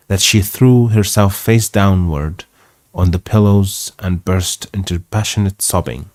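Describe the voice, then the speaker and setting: Slow, deep-voiced male reader. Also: a little mellow, no room sound, studio quality. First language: Arabic. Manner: slow, reflective, chuckles at the text. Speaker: English reading host. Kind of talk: live read-aloud with comments.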